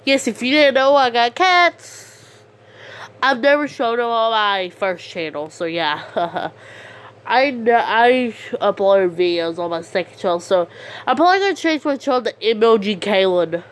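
A woman's voice: fairly high pitch, animated, unhurried, slight background noise. A woman vlogging in a casual, rambling way, giggling often as she reads out comments. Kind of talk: casual vlog chat, reading out comments.

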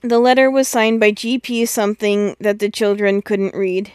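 A woman reading a classic children's novel aloud in steady, measured storybook narration on a close mic. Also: medium pitch, smooth, dry recording. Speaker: audiobook reader.

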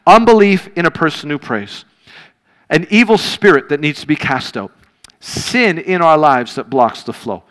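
A man in his thirties delivers a sermon as a pastor, his voice sitting a little high for a man. He talks to the congregation in a direct, conversational way and leans into his points with rising force. The sound carries a long reverb tail, as if in a large church hall. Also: lively intonation, normal speed, fairly bright tone. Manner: earnest, direct, conversational preaching with rising emphasis.

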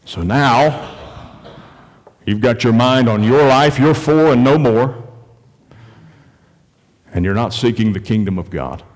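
A man's voice: medium pitch, slow, long pauses. Preaching man in a reverberant church. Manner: preaching with big swings from hushed to shouted. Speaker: pastor. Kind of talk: sermon. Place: church sanctuary during worship service. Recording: long reverb of a church hall.

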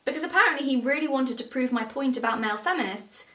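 British woman host, sarcastic and theatrical, higher voice; distant mic, echoey. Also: animated, fast, fairly bright tone. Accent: British English. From Britain. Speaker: commentary video host. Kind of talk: sarcastic commentary. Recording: roomy echo, distant mic.

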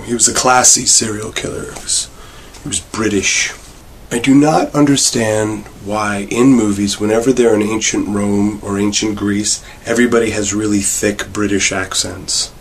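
A man vlogging a rambling comic monologue with wry, meandering deadpan asides. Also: fairly low pitch, gravelly, slight background noise. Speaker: vlogger and bar worker.

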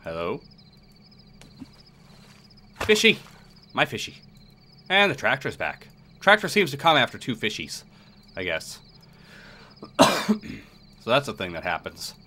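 A man's voice: mid-range voice, very animated, slow pace, pauses often, pushed and bright, a little hiss or hum. A man playing a horror game, giving casual commentary with sarcastic, muttered asides. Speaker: let's play gamer.

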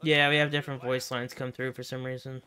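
A man's voice: mid-range voice, level tone, fast talker, bright, forceful tone, faint music behind. A man hosting a casual gaming chat with friends, teasing and laughing often. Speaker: streamer and host.

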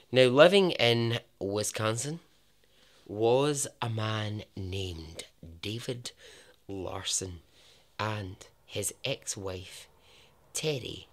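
A Scottish man hosting a podcast, narrating a true story in a chatty way with jokey asides and a lowered voice for emphasis. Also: a bit bright. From Scotland. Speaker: podcast host.

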